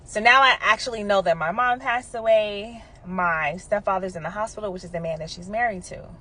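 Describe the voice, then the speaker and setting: A woman's voice: mid-range voice, a little fast, bright, forceful tone, a little hiss or hum. Woman telling a story in casual asides. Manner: conversational, with frequent asides and "right?" check-ins. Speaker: nurse telling a personal story.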